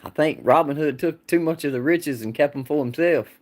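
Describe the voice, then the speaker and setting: A man's voice: fairly high pitch, fairly quick. A man talks in a casual livestream chat. He rambles in a folksy way, answering viewers and laughing often. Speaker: livestream host.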